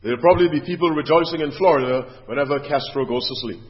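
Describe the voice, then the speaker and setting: A man preaching a sermon, dropping to quiet asides and then rising to loud, pleading questions. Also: a little high, quick pace. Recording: dull audio with long hall reverb.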